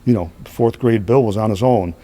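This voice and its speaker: Guy in his middle years chatting on a podcast, low husky voice, tells stories w/ lots of "right?". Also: normal speed. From Northeastern US. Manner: animated, repeats "right?" often, acts out quoted voices. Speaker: podcast guest, strength athlete. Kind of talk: casual storytelling conversation.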